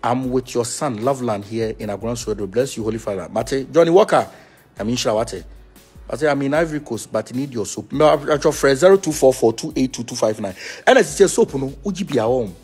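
A man with a Ghanaian accent, the leader of a spiritual movement, chatting casually with viewers. He teases them in a lively way and switches between Twi and English. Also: medium pitch, brisk, slightly rough, soft background music. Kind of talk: casual talk reacting to viewers.

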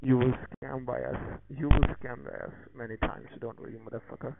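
A man calling as a phone scammer, rushing a pushy sales pitch in broken English and then swearing. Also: fairly even intonation, creaky, heavy background noise. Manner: rushed, pushy sales pitch turning to insults. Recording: tinny phone line.

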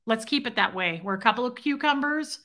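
A woman's voice: fairly high pitch, lively intonation, a little fast, pushed and bright. A woman hosting a casual livestream from home, animatedly retelling a story and thanking viewers by name. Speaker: livestream host. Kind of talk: casual live-chat storytelling.

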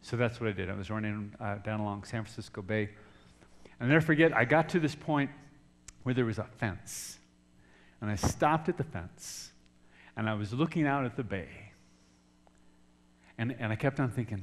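A middle-aged pastor telling a personal story in a sermon, swinging from hushed, soft passages to loud shouting. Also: male voice, fairly low pitch, normal speed, pauses often.

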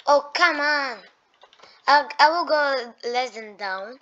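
Excitable woman narrating gameplay, dull mic. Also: high voice, takes it slowly. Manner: excitable, with sudden shrieks of alarm; talks to enemies as she plays. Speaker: gaming YouTuber. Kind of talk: let's-play gameplay commentary.

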